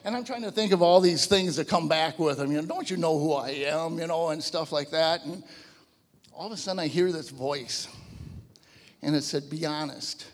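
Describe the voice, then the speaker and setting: A man in his fifties giving a personal testimony to a church audience, telling his story in an animated, conversational way. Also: a little high, normal speed, long reverb tail. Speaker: guest speaker giving a testimony. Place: large church hall before a live audience.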